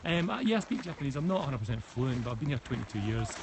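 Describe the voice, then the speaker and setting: With big pitch swings in a mid-range voice, a West of Scotland man races through casual live-stream chat while walking a forest path outdoors, phone in hand. He answers comments and restarts often, and clear background noise is present.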